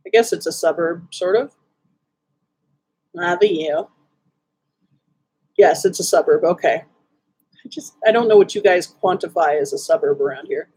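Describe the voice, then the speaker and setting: Woman, from Wisconsin, casual livestream chat, greets viewers, snarky, husky voice. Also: fairly low pitch, a little fast, dark tone. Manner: chatty, greets viewers by name, snarky asides.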